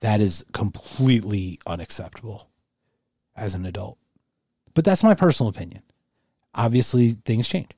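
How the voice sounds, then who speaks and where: A man's voice: lowish voice, expressive, moderate pace, pauses often, dark tone, dry recording, studio quality. A man in casual chat giving firm opinions, often restarting sentences and cracking jokes.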